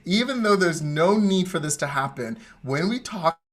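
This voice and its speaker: A man co-hosting a podcast, telling a story in a casual, animated way with plenty of laughter and tangents. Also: high-pitched, normal speed. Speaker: podcast co-host. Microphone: remote podcast mic.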